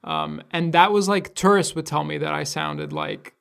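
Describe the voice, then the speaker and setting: A man from New York with a New York accent, a podcast co-host talking in a measured, laid-back way. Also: fairly high pitch, vocal fry, fairly bright tone, clean tone. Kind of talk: casual chat.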